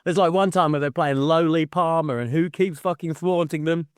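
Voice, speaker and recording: A man's voice: a little high, normal speed, clear, resonant tone, dry recording. A man co-hosting a casual podcast about a book, swearing freely and laughing partway through sentences. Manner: swears freely, laughs mid-sentence, mimics people in quotes. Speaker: podcast co-host. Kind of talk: casual book-club chat.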